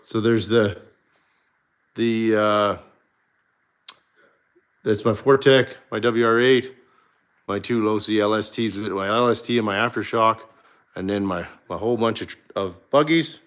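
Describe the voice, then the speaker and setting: A man hosting a casual livestream, touring his home garage in a halting way, with many fillers and self-corrections. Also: fairly low pitch, fairly bright tone, clean tone. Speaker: livestream host.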